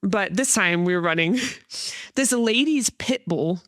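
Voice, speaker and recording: A woman's voice: medium pitch, expressive, measured pace, a bit bright, dry recording, clean studio sound. A woman hosting a podcast, telling a story in a rambling, casual way with lots of fillers. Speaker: podcast host. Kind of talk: casual interview chat.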